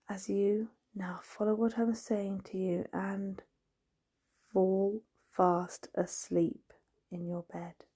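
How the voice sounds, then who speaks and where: A woman voicing a sleepy, comforting male mole in a bedtime story, speaking softly and slowly in a hushed voice. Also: a little high, husky, full character voice. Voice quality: soft, hushed and slow.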